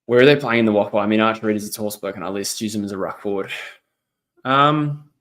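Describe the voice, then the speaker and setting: Indoors at his laptop, a young Australian footy livestream host calls a match and chats with his audience. His voice sits on the low side and is a little bright, with a quick pace. He rambles, says um a lot, and reads viewers' chat messages out loud.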